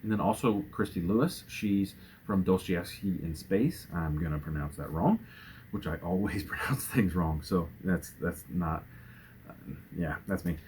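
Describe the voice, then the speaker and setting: A man talking casually and earnestly about books in a home vlog, gentle, with fillers and restarts. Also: deep voice, measured pace, slight background noise. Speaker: booktuber. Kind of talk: casual book tag vlog.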